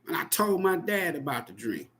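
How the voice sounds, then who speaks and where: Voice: mid-range voice, very animated, normal speed, a bit bright. A tarot reader delivering an impassioned spoken monologue in a profane, emphatic, preachy way.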